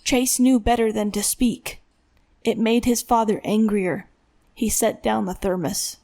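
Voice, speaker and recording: A woman narrating a dramatic thriller audiobook in a steady storytelling voice. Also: on the high side, a little slow, creaky.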